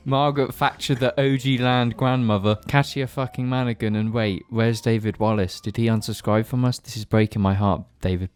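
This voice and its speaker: Male co-host, mid-pitched, quick and jokey, casual podcast. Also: smooth. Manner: quick, jokey reading with interjections.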